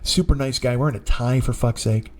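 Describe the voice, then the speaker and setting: A man's voice: mid-range voice, fairly quick, darkish tone. A man in his forties, a comedian hosting his own podcast, telling a rambling, profane story. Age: 40s. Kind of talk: comic storytelling monologue.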